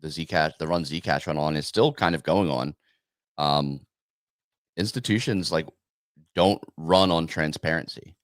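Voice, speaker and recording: A man co-hosting a casual crypto podcast, giving relaxed, thoughtful commentary. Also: very deep voice, unhurried, no echo, clean studio sound. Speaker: podcast co-host.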